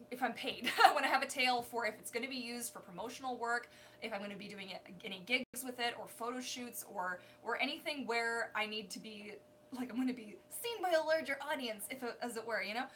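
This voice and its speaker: A young woman chats on a live stream from her apartment in a bright, forceful voice set a little high. She is animated, breaks into laughs and scatters casual fillers through her talk. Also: a little hiss or hum. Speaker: live stream host, mermaid performer. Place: home apartment. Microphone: phone.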